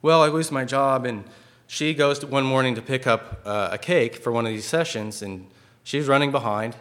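A man's voice: mid-range voice, moderate pace, fairly bright tone. A man sharing a personal testimony at church in an earnest, conversational way, with many fillers and restarts.

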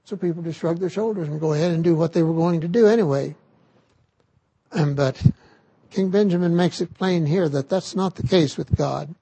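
An older man giving a sermon on scripture, slow and halting with frequent restarts. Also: a little high, dark tone, husky, no room sound. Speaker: scripture teacher.

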